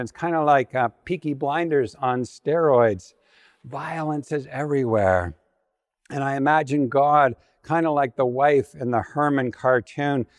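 A man's voice: medium pitch, in a large hall. A man preaching a sermon, telling scripture stories with playful asides. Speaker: pastor.

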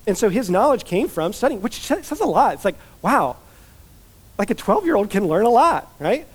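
Man, pastor, higher-pitched voice, chatty informal sermon, loose asides. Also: very animated, a little fast, breathy edge. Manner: casual, chatty delivery with frequent "like" and "you know" asides. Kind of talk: conversational expository sermon.

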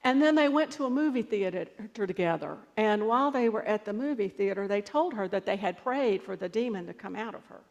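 A woman's voice: medium pitch, animated, brisk, few pauses, a little mellow, in a large hall, dull audio. A woman pastor giving a sermon in a conversational, storytelling way.

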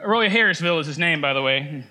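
Bright, high-voiced preacher man. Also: lively intonation, fast. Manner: conversational, joking, laughs at himself. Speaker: pastor. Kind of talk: sermon.

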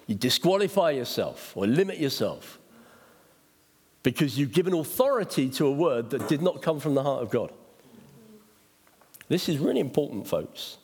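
Middle-aged pastor guy preaching, animated, slightly husky, big echoey church hall. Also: medium pitch. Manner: animated, acts out quotes, laughs at himself. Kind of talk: sermon. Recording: long hall reverb.

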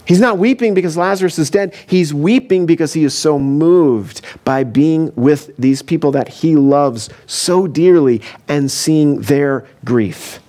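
A male pastor with a voice pitched a little above the usual delivers a sermon in an easygoing, conversational way. He tells his story loosely, stopping often for asides and little fillers as he goes. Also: a little slow, hardly any pauses, dark tone. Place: church.

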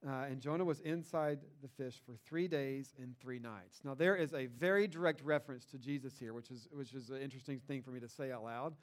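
A young man preaching in a casual, conversational way, retelling a Bible story and rising in pitch and volume when he stresses a point. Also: a little fast, hardly any pauses. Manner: conversational and animated, rises in pitch and volume for emphasis. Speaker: pastor.

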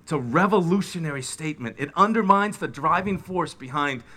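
Bright-voiced preacher, lively delivery. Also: male voice, on the high side, fairly quick. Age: middle-aged. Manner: dynamic preaching, acts out biblical scenes. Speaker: pastor. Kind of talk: sermon.

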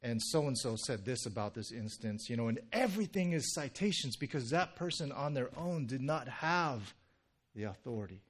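A man's voice: medium pitch, moderate pace. A young male pastor giving a casual, conversational sermon, full of "you know" and "right?", joking with the congregation. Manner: chatty and animated, heavy "you know" and "right?" fillers, jokes with congregation.

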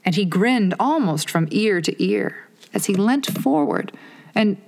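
Calm, slow woman narrator. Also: mid-range voice, creaky. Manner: calm, unhurried, measured narration. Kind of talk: storybook reading.

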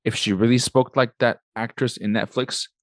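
A man's voice: medium pitch, fairly even intonation, normal speed, no echo. Stammering, blunt man podcast co-host. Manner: rambling, stammering restarts, blunt and profane. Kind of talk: casual chat.

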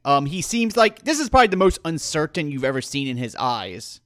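A man's voice: on the high side, very animated, fairly quick, a bit bright, no room sound, clean studio sound. A man playing a tabletop role-playing game, narrating his character in a casual, rambling way. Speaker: player.

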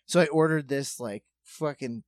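Studio-quality audio with no room sound captures a man whose voice is a little high, speaking at a moderate pace. He's telling a long story in a casual comedic chat, swearing freely. He animatedly acts out other people's words.

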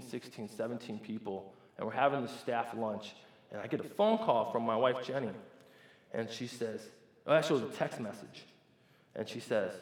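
Male pastor telling a story in a sermon, animated with many restarts, in a roomy, echoing space. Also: medium pitch. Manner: animated, stammering restarts, swings between loud and hushed.

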